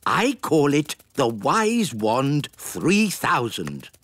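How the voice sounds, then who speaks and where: A woman's voice: extremely low pitch, sing-song, very slow, no echo, exaggerated voice. A performer voicing a fussy, self-important old male elf who works as a wand doctor in a children's cartoon.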